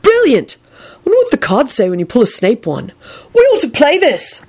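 A woman voicing an excitable boyish young man. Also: normal speed, full character voice. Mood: excited. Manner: high, excitable, shouting often.

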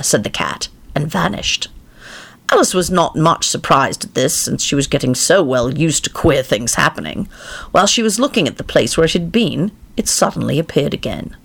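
A father reads a bedtime story with a gravelly, creaky voice that rises and falls a lot. His telling is gentle and unhurried. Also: fairly high pitch, big pitch swings.

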